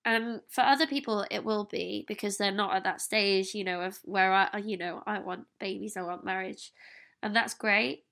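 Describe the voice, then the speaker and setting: A woman's voice: mid-range voice, fairly even intonation, normal speed, vocal fry, fairly bright tone. A woman, talking candidly and earnestly in a solo podcast reflection. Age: 30s. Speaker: podcast host.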